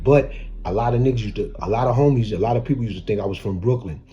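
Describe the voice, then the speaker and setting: Bronx man, New York accent, low mellow voice, dull lo-fi sound, casual street storytelling with lots of slang. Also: rapid-fire. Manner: street slang, repeats "you heard?". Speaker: vlogger telling prison stories.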